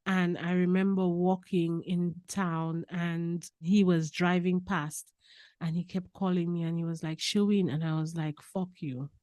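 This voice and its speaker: A woman from Lucia, a podcast guest telling personal stories in a lively way, laughing and repeating key phrases. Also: fairly low pitch, unhurried, no echo. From Saint Lucia. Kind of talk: casual personal storytelling.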